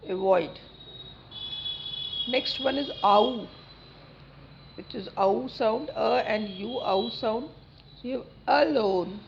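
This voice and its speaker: A woman teaching a phonetics lesson, reading word lists slowly and deliberately with many fillers. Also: on the high side, gravelly. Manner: slow and deliberate, repeating words, many fillers. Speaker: English teacher. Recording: slightly dull recording with faint noise.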